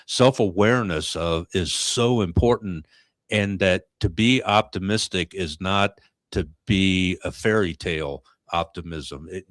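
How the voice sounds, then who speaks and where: A middle-aged man hosting a podcast, talking in a reflective, halting way with many restarts. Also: low voice, a bit bright, dry recording, studio quality. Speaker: podcast host. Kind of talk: casual chat.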